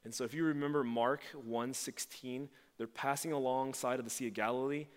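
A man's voice: fairly even intonation, brisk. Man preaching in a reverberant hall. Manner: conversational preaching, acts out quoted lines with big pitch jumps. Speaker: pastor. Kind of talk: sermon.

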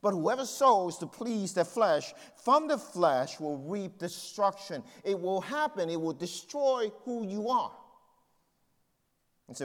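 A man's voice: sits high, very animated, slow pace, fairly bright tone, big-room sound. A man pastor preaching a sermon in a conversational way, telling personal stories.

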